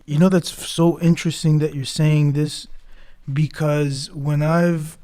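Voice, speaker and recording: A man's voice: on the high side, flat delivery, a little slow, warm tone. A man hosting a podcast interview, talking casually with loose phrasing and many restarts. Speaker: podcast host.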